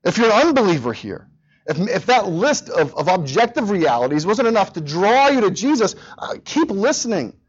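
A pastor preaching a sermon, talking straight to the congregation and to the children, in a lively, animated way. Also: male voice, high-pitched, normal speed, dull audio. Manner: animated, speaks directly to children.

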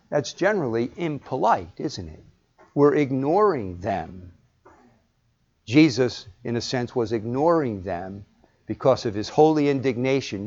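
A man preaching a sermon and reading scripture, stressing words hard and then dropping to a hush. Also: medium pitch. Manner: emphatic, shifts between loud stresses and hushed drops. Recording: dull lo-fi recording.

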